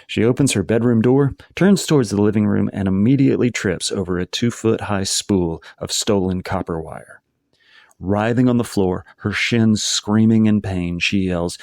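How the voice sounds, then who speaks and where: A man, the author, reading his own novel aloud in a casual, relaxed storytelling manner. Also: on the low side, normal speed, vocal fry, dry recording, clean studio sound.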